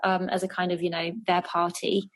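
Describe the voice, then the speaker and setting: A woman's voice: lowish voice, flat delivery, fairly quick. A woman singer chatting as an interview guest, talking in a rambling way with many fillers and restarts. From England. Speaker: jazz and soul singer, guest. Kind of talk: casual interview chat. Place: living on the French Riviera.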